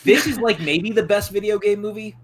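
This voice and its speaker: A man's voice: sits high, brisk, crowd noise. A man hosting a movie watch-along livestream, reading viewer comments aloud and gushing about the film. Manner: enthusiastic, reads out viewer comments. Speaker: livestream host reading chat.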